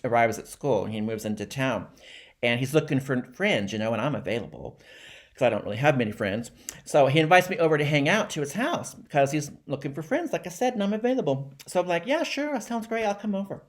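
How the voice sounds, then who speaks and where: A man talking in a casual, rambling monologue, trying out a rough joke with fillers and self-deprecating laughs. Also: mid-range voice, expressive, a little fast.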